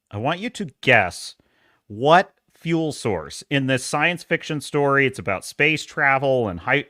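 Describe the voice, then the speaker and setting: A man hosts a casual live stream with quite a high voice, sarcastic and full of opinions. His delivery swings up and down as he laughs his way through stories. The sound is close and dry, with no room around it. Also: no echo. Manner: animated storytelling with frequent laughs and restarts.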